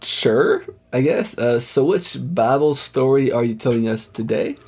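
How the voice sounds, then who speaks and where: A male podcast host with a warm, mellow and slightly husky voice. He plays the flustered straight man in a comedy sketch, stumbling over fillers as he tries to steer the talk. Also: mid-range voice, animated, measured pace. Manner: hesitant, many fillers, flustered.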